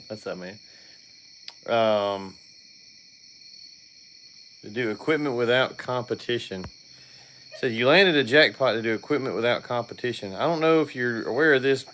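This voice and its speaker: A man's voice: mid-range voice, a bit bright, slight background noise. A man hosting a casual livestream from his back deck, laid-back and greeting viewers by name as he talks business. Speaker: washing business owner and channel host. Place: outdoor back deck at night.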